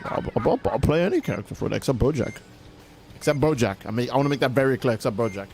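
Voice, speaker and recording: A man's voice: mid-range voice, expressive, rapid-fire, a little mellow. A man livestreaming a game, chatting casually and playfully with his viewers in a rambling way. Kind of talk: casual livestream chat while gaming.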